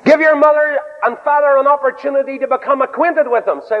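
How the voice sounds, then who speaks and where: A man preaching a sermon in an animated way. He swings his pitch up and down, acts out quoted voices and drops in humorous asides. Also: a little fast, hardly any pauses. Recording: dull lo-fi recording in a reverberant hall.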